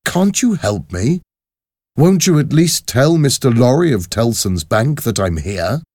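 A man's voice: medium pitch, big pitch swings, measured pace, darkish tone, dry recording, clean studio sound, pitched above the performer's own voice. A man voicing a frightened young male aristocrat who pleads his innocence in a storybook reading. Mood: pleading. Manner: anxious, protesting.

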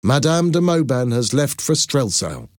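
A man's voice: mid-range voice, very animated, measured pace, no room sound, studio quality, pitched above the performer's own voice. A man voicing a loyal, earnest friend who speaks reassuringly in an audiobook. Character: loyal devoted male friend, soldier. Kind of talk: audiobook character voice.

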